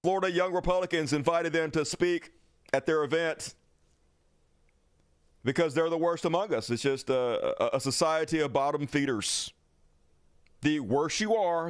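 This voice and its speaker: A man's voice: on the high side, normal speed, smooth, dry recording, clean studio sound. A man hosting a livestream, delivering an angry, profane, sarcastic political rant. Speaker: livestream host.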